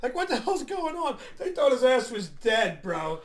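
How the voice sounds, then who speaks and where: A man's voice: very high-pitched, sing-song, moderate pace. A man co-hosting a show who teases his friend bluntly and chimes in to retell the details of the story. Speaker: show co-host. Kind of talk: casual chat.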